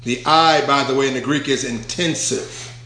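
A man's voice: medium pitch, moderate pace, pushed and bright, echoey room. A man preaching a verse-by-verse Bible sermon, emphatic, stretching key words out and putting questions to the congregation. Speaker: pastor.

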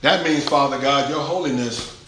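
A man preaching a sermon in a rhythmic, repetitive cadence, swinging from shouted exclamations to hushed near-whispers. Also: medium pitch, moderate pace, slight background noise. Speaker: pastor. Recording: echoey room.

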